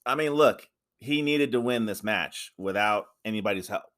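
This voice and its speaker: A man co-hosting a casual podcast, ranting loudly with lots of swearing and restarts. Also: lowish voice, moderate pace, noisy background. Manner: ranting, profane, repeats himself. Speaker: podcast co-host. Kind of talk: casual wrestling chat.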